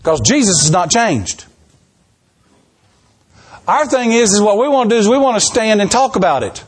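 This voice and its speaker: A man's voice: high-pitched, moderate pace, husky. A man preaching a sermon, telling stories animatedly and acting out the quotes. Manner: animated storytelling, acts out quotes.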